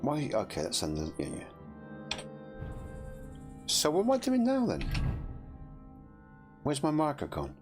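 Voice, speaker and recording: A gameplay streamer talking casually through a game. He chats and laughs easily, often poking fun at himself. His pitch is lively, and faint game music runs under his voice. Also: slow, long pauses. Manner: chatty, laughing, self-deprecating.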